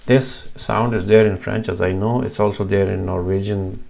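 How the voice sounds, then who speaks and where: A man's voice: on the low side, fairly even intonation, normal speed, gravelly, darkish tone. A man teaching Arabic letter sounds, patiently demonstrating each one and correcting himself as he goes. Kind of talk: slow instructional explanation.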